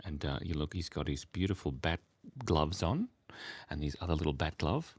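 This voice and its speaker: An extremely low, slightly mellow and husky voice, at a moderate pace and with no room sound, comes from a man running a casual early-morning livestream. Sleepy, he draws for his chat while rambling, giggling, and making self-mocking jokes.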